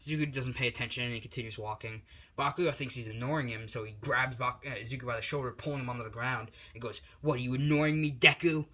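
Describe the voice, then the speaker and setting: A man's voice: medium pitch, fairly even intonation, fast, bright, forceful tone. Rambling man telling a fan story. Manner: rambling, many fillers and restarts. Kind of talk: casual fan-story narration.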